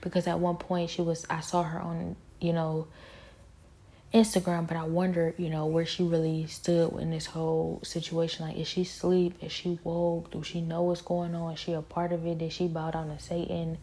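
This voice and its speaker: A woman's voice: lowish voice, completely flat delivery, moderate pace, mellow. A woman talking in a casual spoken monologue, intense and rambling, with pointed, confrontational questions and many fillers.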